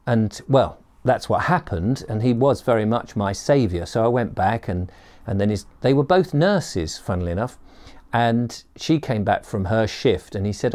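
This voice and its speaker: Lowish voice guy telling an old story, rambly and chatty, lots of ums. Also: lively intonation, moderate pace, darkish tone. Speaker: storyteller and performer. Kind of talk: personal story told to camera.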